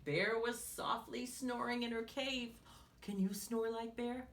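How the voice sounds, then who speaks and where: A woman teaching children, reading a picture book aloud with animated tones and hushed whispered asides. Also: fairly high pitch, a little slow, a little hiss or hum. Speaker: children's story-time teacher.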